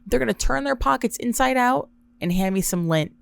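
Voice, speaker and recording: A woman's voice: fairly high pitch, expressive, brisk, creaky, clear, resonant tone, no echo, pitched above the performer's own voice. A woman voicing a meek, flustered insurance agent who stammers helplessly.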